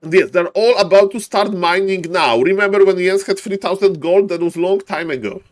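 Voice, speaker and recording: Man, esports caster, excitable, yells at players, repeats himself, non-native English. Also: high voice, moderate pace. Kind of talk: live game commentary.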